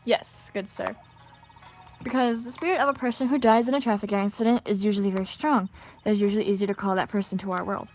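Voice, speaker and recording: A woman's voice: mid-range voice, fairly even intonation, quick pace, a little mellow, faint music behind, natural voice. A woman voicing a stern, formal middle-aged female spirit medium who speaks stiffly and politely. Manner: stiff, formal, addresses others as good sir.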